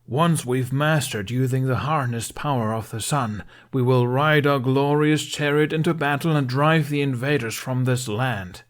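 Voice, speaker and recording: A man's voice: mid-range voice, moderate pace, hardly any pauses, voice pushed up, close to an everyday voice. A man voicing a pompous, dramatic young Viking twin who makes heroic speeches. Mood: grandiose. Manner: grandiose, dramatic.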